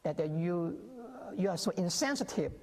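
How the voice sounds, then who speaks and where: A man's voice: high-pitched, lively intonation, normal speed, darkish tone, a little hiss or hum. A male guest scholar explaining his views in a TV interview, with many restarts and acted-out quotes. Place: TV interview set. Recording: long reverb on the voice.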